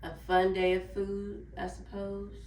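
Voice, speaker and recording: A woman's voice: medium pitch, monotone, measured pace, a little mellow, distant mic, slight background noise. A woman from Memphis with a Southern accent, chatting casually to viewers while she cleans up in her home kitchen. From Memphis, Tennessee. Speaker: vlogger. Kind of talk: casual lifestyle vlog. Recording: roomy, from off the mic.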